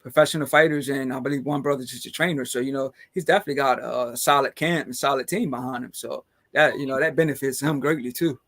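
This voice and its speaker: A man's voice: medium pitch, quick pace, few pauses, fairly bright tone. A man hosting a casual podcast chat who rambles along, filling his talk with "man" and "you know". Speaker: podcast host.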